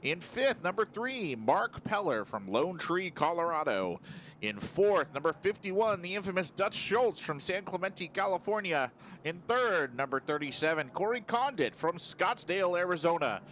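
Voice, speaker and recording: A man's voice: high voice, moderate pace. Man calling a race grid over track noise. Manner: reads the starting grid in a steady rhythm, joking and laughing with his partner. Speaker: race commentator. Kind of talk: live race commentary.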